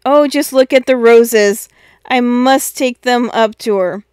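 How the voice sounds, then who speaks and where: A woman voicing a warm-hearted eldest girl who speaks eagerly and hopefully. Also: fairly high pitch, steady tone, normal speed, clear, resonant tone, no room sound, clean studio sound, natural voice.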